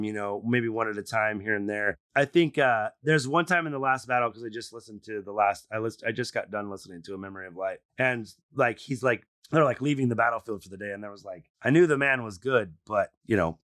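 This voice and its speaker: A man co-hosting a podcast in casual chat, animated and swearing freely as he rants. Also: mid-range voice, brisk, no room sound, studio quality. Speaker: podcast co-host.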